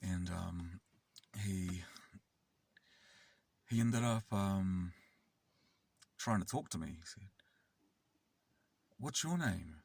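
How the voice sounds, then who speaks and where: A man's voice: low-pitched, steady tone, slow, vocal fry, long pauses, a little mellow, slightly rough, distant mic. A man, rambling and swearing as he tells a casual story in a car. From New Zealand. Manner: rambling, sweary, with many fillers. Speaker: vlogger. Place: inside a car.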